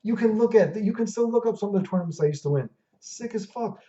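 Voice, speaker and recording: Man ranting profanely, dark dull sound. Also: high-pitched, lively intonation, fast, far from the mic. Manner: heated, profane and rambling, with many fillers. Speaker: gaming video host. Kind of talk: unscripted rant to camera. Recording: dull lo-fi recording.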